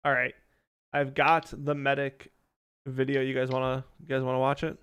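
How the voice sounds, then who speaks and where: A man's voice: medium pitch, monotone, normal speed, fairly bright tone, smooth. A man hosting a casual chat on a video call, explaining things in a loose, rambling way. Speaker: host.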